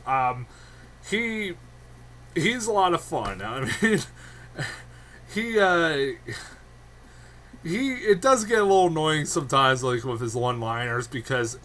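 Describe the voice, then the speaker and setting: Bright-voiced man ranting about a film. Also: a little high. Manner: profane, rambling, laughs often. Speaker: film reviewer. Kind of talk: casual film review.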